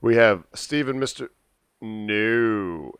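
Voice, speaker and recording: A man's voice: on the low side, slow pace, a bit bright, smooth, no echo, studio quality. A man hosting a casual podcast chat, rambling with lots of fillers and frequent laughs. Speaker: podcast host.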